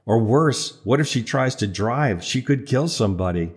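A man's voice: mid-range voice, expressive, moderate pace, natural voice. A man reading an audiobook, voicing an insistent, wheedling young man in a story. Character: young man, pushy eager friend.

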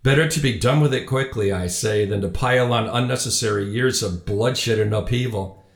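A man's voice: medium pitch, normal speed, gravelly, roomy sound, natural voice. A man voicing a pompous older loyalist father who gloats triumphantly in a storybook reading.

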